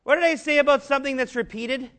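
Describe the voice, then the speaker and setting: High, bright-voiced male preacher. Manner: rhetorical questions, emphatic slow repetitions. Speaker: pastor. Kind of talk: sermon.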